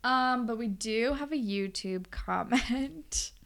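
A woman's voice: on the high side, slow, vocal fry, a bit bright. A young woman co-hosting a podcast, recapping a TV episode in casual chat, swearing often and laughing a lot. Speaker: podcast co-host.

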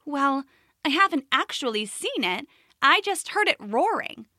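A woman voicing an anxious little female rabbit in a storybook, talking in a high, worried way. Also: sing-song, unhurried, sharp tone, no room sound, studio quality, full character voice.

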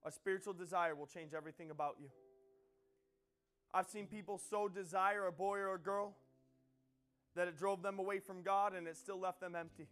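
A male preacher with a high voice delivers a fervent sermon, pressing his points through repetition and swelling to loud, emphatic peaks. Soft instrumental music plays faintly underneath. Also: steady tone, moderate pace, long pauses, smooth. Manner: impassioned, rising to loud emphatic peaks, repeats phrases.

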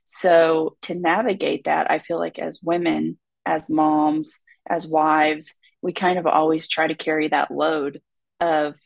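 A woman's voice: deep voice, vocal fry, no room sound. A woman co-hosting a podcast, speaking in an earnest, reflective way. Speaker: podcast co-host. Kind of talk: candid conversational podcast talk.

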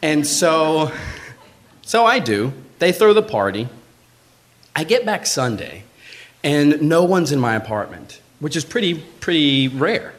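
A man tells a true personal story on a live stage, chatty and full of swearing. His pitch swings widely, and he leaps up high to act out the people he quotes. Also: a little slow. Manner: animated, acts out quoted voices with big pitch jumps; swearing, conversational, frequent "like".

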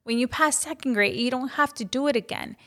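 A woman's voice: high-pitched, brisk, fairly bright tone. A young woman giving an earnest, encouraging personal faith talk, with casual fillers. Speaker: Christian vlogger sharing a testimony.

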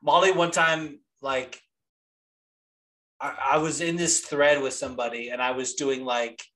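A man co-hosting a podcast in casual chat, excitable and profane, quick to laugh. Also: mid-range voice, rough recording. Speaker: podcast co-host.

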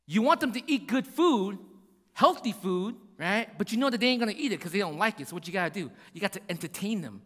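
A man preaching a sermon, animated and full of rhetorical questions, acting out little voices as he goes. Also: high voice, quick pace, in a large hall. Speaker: pastor.

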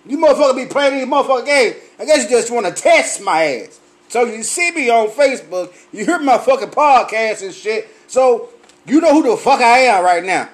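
High-voiced man in a profane comedic rant. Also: moderate pace. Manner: animated, swearing constantly, mimics other people's questions. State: tipsy, sweating. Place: lively night venue with drinks.

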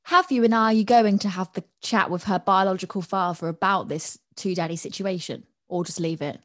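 A woman's voice: mid-range voice, fairly quick. A woman in casual chat who reacts with sympathy and asks follow-up questions. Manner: sympathetic, warm interjections.

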